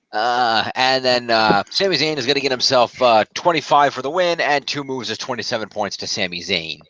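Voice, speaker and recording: A man hosting a casual podcast, recapping wrestling and tallying fantasy points out loud in a laid-back way. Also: medium pitch, expressive, normal speed, highs cut off, slight background noise. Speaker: podcast host.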